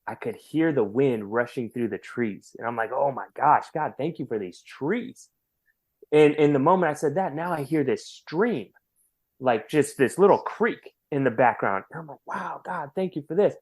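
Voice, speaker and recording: Male guest with a mid-range voice, earnest and animated storyteller, repeats himself. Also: medium pitch, normal speed, slightly rough. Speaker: podcast guest. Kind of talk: personal testimony storytelling.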